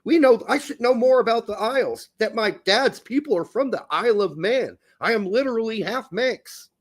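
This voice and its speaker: A man's voice: very high-pitched, moderate pace. A man co-hosting a casual podcast chat, joking around, laughing often and wandering into rambling asides. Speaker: co-host.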